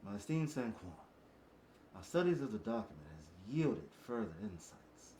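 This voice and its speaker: A man doing a male master assassin reading a formal letter aloud in a put-on accent, his voice muffled behind a mask. The pitch swings widely as he reads in a stiff, halting way. The room gives it a roomy echo. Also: very animated, darkish tone, a little hiss or hum, lightly acted.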